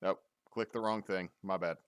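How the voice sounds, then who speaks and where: A man's voice: sits low, fairly even intonation, normal speed, noisy background. A man acting as dungeon master, giving a casual, jokey recap of a tabletop game on a stream.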